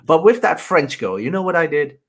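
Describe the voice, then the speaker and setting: A man's voice: fairly high pitch, very animated, fairly quick. A man from the Netherlands, chatting on a podcast and telling stories with dry, teasing asides. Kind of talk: casual chat.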